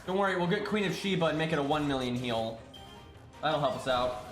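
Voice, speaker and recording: A man's voice: a little high, lively intonation, brisk, fairly bright tone, reverberant. A man streaming a game live, thinking aloud in loose casual chat and swearing now and then. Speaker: streamer playing a mobile game. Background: faint game music.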